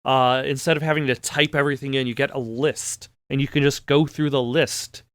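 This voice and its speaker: A man's voice: medium pitch, steady tone, brisk, clear, resonant tone, dry recording. A man hosting a let's play, giving casual gameplay commentary as he reads game text aloud with wry asides.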